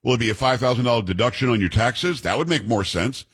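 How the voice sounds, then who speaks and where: Fast-talking blunt talk radio man. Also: medium pitch, animated, a bit bright, slightly rough. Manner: rapid, blunt, conversational. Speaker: radio talk show host. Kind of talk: opinionated talk radio monologue.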